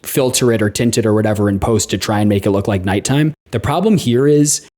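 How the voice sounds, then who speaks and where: A man's voice: fairly low pitch, a little fast, dark tone. A man co-hosting a podcast, recapping a movie's plot in casual chat with wry asides. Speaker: podcast co-host.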